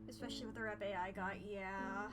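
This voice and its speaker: Chatty woman streamer, music bed. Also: fairly quick. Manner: animated, jumps in pitch when excited. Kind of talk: casual chat while drawing. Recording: loud background music.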